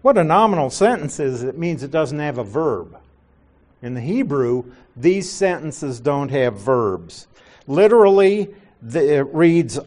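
Slow, patient male Bible teacher. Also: fairly high pitch, expressive, darkish tone. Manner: patient, explanatory, rhetorical questions; corrects himself mid-sentence. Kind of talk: Bible class lecture.

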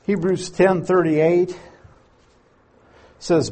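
A man's voice: medium pitch, expressive, takes it slowly, a little mellow, husky. A man teaching through scripture in an expository sermon, patient and explanatory, leaning on key words to drive his points home. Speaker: Bible teacher.

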